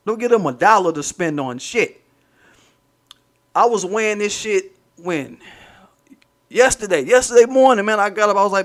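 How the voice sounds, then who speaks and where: Dude ranting on his stream, swears a lot, rambles, kinda high voice. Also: moderate pace. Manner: profane, rambling, talks to the chat. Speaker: livestream host. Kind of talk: casual livestream rant.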